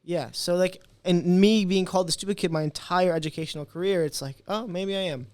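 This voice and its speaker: A young man in his twenties talks as a podcast guest, animated and quick to act out what others said. His voice sits a little high for a man. The sound is dry and close, with no room echo. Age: 20s. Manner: animated storyteller, acts out quotes. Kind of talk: casual interview talk.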